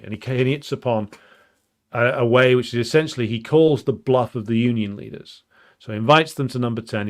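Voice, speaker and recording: A man talks through political history in an unscripted commentary, often pausing on ums and restarting his sentences. His delivery is blunt and emphatic, at an ordinary middle pitch. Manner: thinks aloud with frequent ums and restarts.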